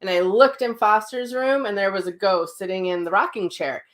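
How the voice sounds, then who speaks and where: A woman with an average-pitched voice hosts a live online class as a psychic medium. She is chatty and animated, tells stories with frequent laughter and answers viewers' comments. She speaks at home into a livestream mic. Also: normal speed. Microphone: livestream mic, sound sometimes cutting out.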